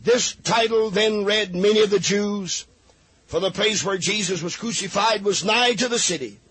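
A man's voice: high-pitched, moderate pace, a bit bright, husky, dry recording. A man preaching a fervent sermon, reading scripture aloud and pleading with his listeners.

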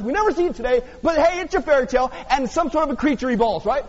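A man's voice: very high-pitched, lively intonation, quick pace, hardly any pauses. A man pastor preaching a sermon in a joking, sarcastic way to his congregation. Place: church hall. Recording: dull lo-fi audio with long hall reverb.

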